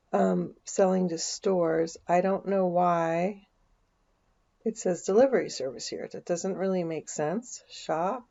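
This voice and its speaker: A woman's voice: fairly low pitch, creaky, warm tone, lo-fi sound. A woman vlogger, chatting casually as she walks through a search on her screen, thinking aloud with dry asides. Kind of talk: casual screen-share walkthrough.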